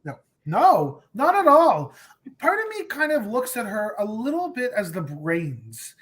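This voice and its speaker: A woman's voice: fairly high pitch, sing-song, unhurried, husky. A woman co-hosting a casual fan recap chat, enthusiastic and often repeating words as she starts a thought. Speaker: podcast co-host.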